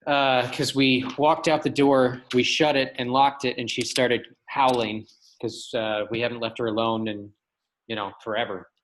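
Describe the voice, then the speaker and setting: A man with a mid-pitched voice talking easily as a podcast co-host. He chats in a relaxed way and laughs along with the story. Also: moderate pace, poor audio. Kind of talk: casual chat.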